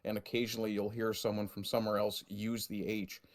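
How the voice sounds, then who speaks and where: A man on a podcast, chatting in a relaxed way, laughing and reading out chat comments. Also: lowish voice, brisk. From United States. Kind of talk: casual chat.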